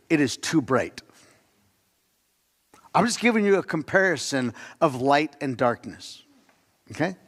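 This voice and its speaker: A man preaching a sermon as the pastor, talking conversationally and asking the congregation questions. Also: fairly high pitch. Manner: conversational preaching with audience questions and acted-out quotes. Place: church sanctuary. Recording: long church hall reverb.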